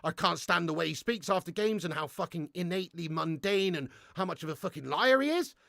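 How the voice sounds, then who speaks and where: Man, watch-along commentary host, high voice, bright and sharp, sweary, excitable. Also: fairly quick, gravelly, no room sound, clean studio sound. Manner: excitable, sweary, ranting and chatty with viewers.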